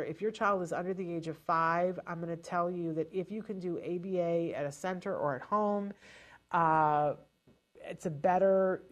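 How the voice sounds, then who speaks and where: A woman giving parents casual spoken advice in a lively, chatty way, often restarting her sentences. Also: on the low side. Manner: animated and chatty, with frequent restarts. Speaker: advisor to parents on child language delay.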